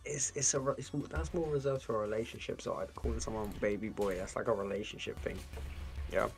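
Low-voiced English streamer with mixed accent. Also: male voice, steady tone, a little fast, faint music behind. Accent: mixed English, Cockney roots. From England. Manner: blunt, swears freely. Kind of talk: casual stream chat.

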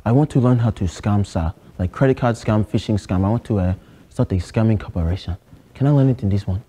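A man's voice: lowish voice, fast talker, mellow, slightly rough. Young man putting on a pushy Nigerian-accented student. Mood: pleading. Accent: Nigerian (put on). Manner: insistent, exclamatory "oh" and "ah, ah" tags. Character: pushy male Nigerian student wanting to learn scamming. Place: college lecture hall.

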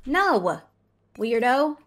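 Excitable woman co-playing a game, high and lively voice, snaps out commands. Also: extremely slow. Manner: excitable, shrieks and bossy calls. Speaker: gaming co-host. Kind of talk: casual game commentary.

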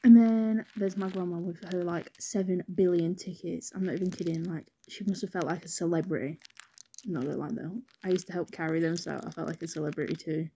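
A woman's voice: on the low side, steady tone, fairly quick, warm tone, slight background noise. A young woman with a British accent, telling a personal story in a rambling, chatty way, swearing freely and saying "anyways" a lot. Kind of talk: casual storytime narration.

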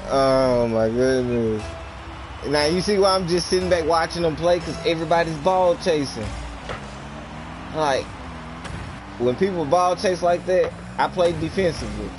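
A man's voice: a little high, measured pace, long pauses. A man streaming a game, griping about teammates in casual, joking banter with his younger brother. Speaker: gaming streamer. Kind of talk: casual commentary while playing a game. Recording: game sounds and noise behind.

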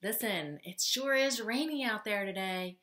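A woman reading a children's picture book aloud in a gentle, expressive way. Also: medium pitch, unhurried, echoey room. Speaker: storybook reader. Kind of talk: children's story read-aloud.

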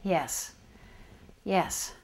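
Measured woman explaining reading research. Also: background noise. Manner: measured, explanatory, spells out letters. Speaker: reading researcher being interviewed. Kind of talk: explanatory interview talk.

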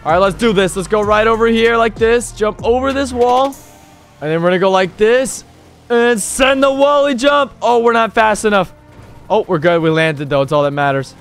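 Soft music plays behind a young man's high-pitched voice at normal speed. A gaming YouTuber who runs a server, he excitedly commentates a driving game live, taunting pursuing cops cheekily and yelping at every jump and crash.

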